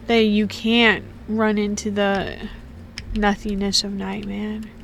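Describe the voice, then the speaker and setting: A woman's voice: mid-range voice, slight background noise. A woman giving casual, joking, rambling commentary while playing a game, full of slang. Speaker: gaming streamer.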